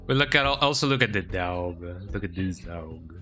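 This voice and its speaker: A man's voice: low-pitched, animated, moderate pace, pushed and bright, faint music behind. A man streaming a game, chatting casually, often ending sentences with "eh?" and talking to his cat. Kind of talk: casual gameplay commentary.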